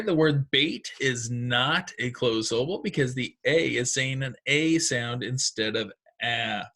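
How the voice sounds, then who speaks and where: A man's voice: mid-range voice, sharp tone. A man teaching second graders a recorded phonics lesson, patient and encouraging, explaining step by step.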